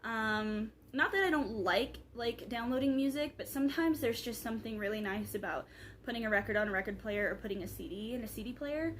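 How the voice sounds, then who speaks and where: A woman's voice: fairly high pitch, fairly quick, a bit bright, a little hiss or hum. Chatty young woman vlogging. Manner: rambling, chatty, lots of fillers. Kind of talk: casual vlog chat.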